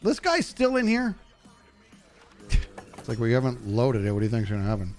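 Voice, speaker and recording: At a normal speed, with faint music behind him, a man plays a game live and chats goofily with viewers. He responds to chat and jumps high in pitch when he's excited.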